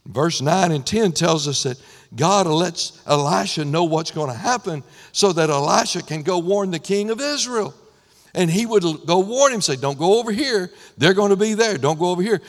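A man preaching a sermon with impassioned, rising and falling emphasis, his voice going hoarse. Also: sits high, lively intonation, normal speed, big-room sound. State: losing his voice. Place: church sanctuary.

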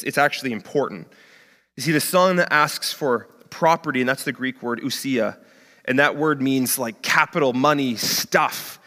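Guy preaching, kinda high voice, chatty with lots of "like", long hall echo. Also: bright, forceful tone. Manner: conversational, often says "like". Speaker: pastor. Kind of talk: sermon.

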